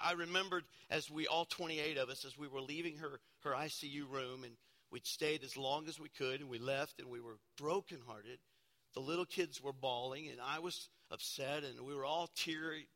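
A middle-aged man preaching a sermon from a church pulpit, swinging from loud exclamations to hushed storytelling, with self-deprecating humor. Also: mid-range voice. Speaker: pastor. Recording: long church hall reverb.

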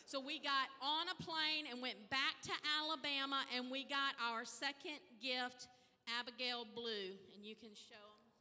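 A woman pastor, telling her story in an animated testimony sermon and acting out the dialogue. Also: high-pitched, unhurried. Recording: reverberant hall.

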